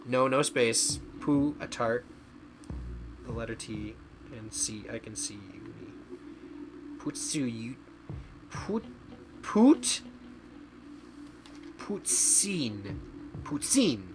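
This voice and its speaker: A man's voice: medium pitch, lively intonation, takes it slowly, long pauses, noisy background. A man streaming a video game, chatting casually and rambling, often stumbling over his words. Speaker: VTuber streamer. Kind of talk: casual gaming stream chat.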